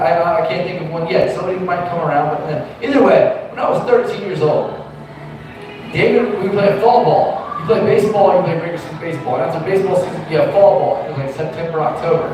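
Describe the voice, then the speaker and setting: A young male open mic comedian from Virginia Beach rambles through a profane story, cutting himself off and circling back. His voice sits high for a man. The sound is very echoey and distant, with faint noise behind it. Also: fast talker, a little mellow. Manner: profane, rambling, self-interrupting. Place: comedy club stage.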